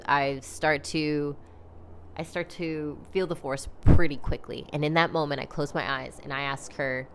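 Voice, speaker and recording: A woman hosting a podcast, telling a personal story in a casual, animated, chatty way, full of "like" and "you know". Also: sits low, measured pace, a little hiss or hum. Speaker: podcast host.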